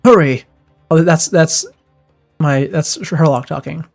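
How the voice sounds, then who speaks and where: A man streaming a video game, with excitable reactions while he comments and reads the dialogue aloud. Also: fairly high pitch, moderate pace, soft background music. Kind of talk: let's-play commentary, reading dialogue aloud.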